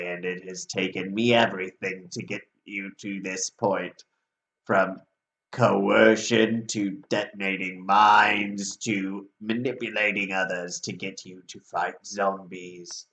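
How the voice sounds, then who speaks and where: A man's voice: level tone, pushed and bright, full character voice. A man growling as a scheming chain devil. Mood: menacing. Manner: slow, low, threatening, sometimes hissed. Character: scheming menacing chain devil on a treasure pile. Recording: dull lo-fi audio.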